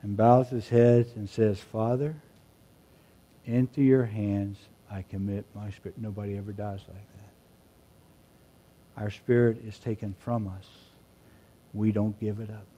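Male preacher, mellow tone, swings from hushed reflection to forceful emphasis. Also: on the low side, steady tone, unhurried. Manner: swings from quiet reflection to loud emphatic shouts. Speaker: pastor. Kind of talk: sermon.

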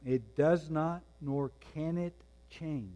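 A man preaching a sermon, moving between quiet, intense passages and raised, emphatic ones. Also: a little high, slow pace. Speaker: pastor.

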